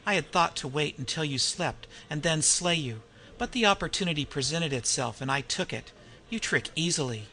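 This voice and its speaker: A man's voice: a little high, lively intonation, normal speed, bright, forceful tone, low-quality recording. A man voicing a menacing male French bandit who taunts coldly. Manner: cold and taunting.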